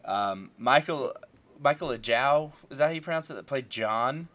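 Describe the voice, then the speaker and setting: A man's voice: mid-range voice, lively intonation, normal speed, bright, forceful tone. Rambling young man in casual chat. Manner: rambling, many fillers and restarts.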